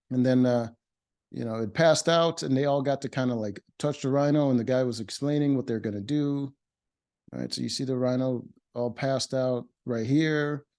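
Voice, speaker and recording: Man, mellow tone, casual show recap, blunt opinions, lots of uhs and restarts. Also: medium pitch. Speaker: reality show reviewer.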